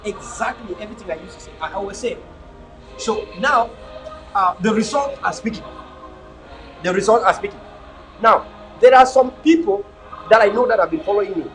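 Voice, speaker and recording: A high-sitting male voice with a Cameroonian English accent comes through poor audio. He's a motivational speaker talking casually to livestream viewers outdoors, repeating words for emphasis and turning the phone camera himself.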